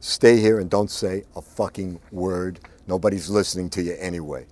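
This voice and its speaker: A hard, quiet outlaw from a crime audiobook, as a male narrator puts him on. He talks low and level, calm as asking about a cigarette, with cold contempt in every word, recorded dry. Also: moderate pace, no room sound, natural voice. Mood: commanding.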